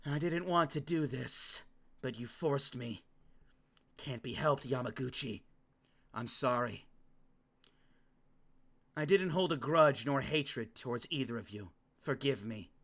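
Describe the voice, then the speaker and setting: A man's voice: mid-range voice, takes it slowly, pauses often. Man reading as a remorseful young culprit. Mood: resigned. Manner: reading game dialogue aloud, apologetic.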